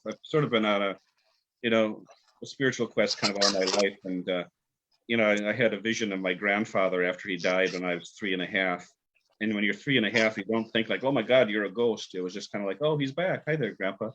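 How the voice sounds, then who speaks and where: A poet guest telling stories in a rambling, halting way with many fillers, heard on a video call. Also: male voice, deep voice, a bit bright. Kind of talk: casual storytelling and poetry reading. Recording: dull lo-fi video call audio.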